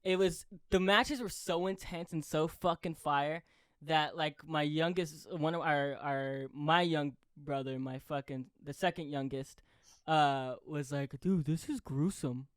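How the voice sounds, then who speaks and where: A young man hosting a podcast, chatting excitedly, swearing constantly and yelling when he relives big moments. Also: a little high, a little slow, smooth, no room sound, studio quality. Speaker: podcast host. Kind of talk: excited casual chat.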